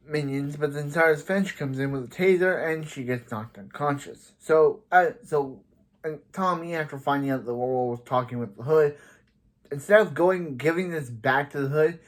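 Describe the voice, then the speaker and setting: A man giving a casual recap of a TV episode, rambling, with many restarts and repeated "so". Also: medium pitch. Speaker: TV episode reviewer.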